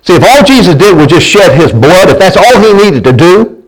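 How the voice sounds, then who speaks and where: A preacher man with a somewhat high voice delivers a folksy sermon. He keeps asking his congregation for answers and trips over and repeats his words as he pushes his point. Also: very animated, normal speed, breathy edge, low-quality recording. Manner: folksy preaching with call-and-response and stumbling restarts. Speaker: pastor.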